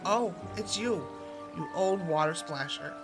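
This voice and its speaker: A woman's voice: on the low side, animated, unhurried, music in the background, poor audio. A woman reading a storybook and voicing a spoiled young princess who speaks in a whiny, emphatic way. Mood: scornful.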